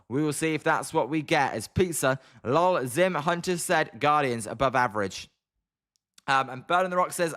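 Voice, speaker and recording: Bright-voiced British man calling baseball. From Britain. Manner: chatty, greets viewers by name between pitches. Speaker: live-stream baseball commentator. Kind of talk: casual live play-by-play and chat reading.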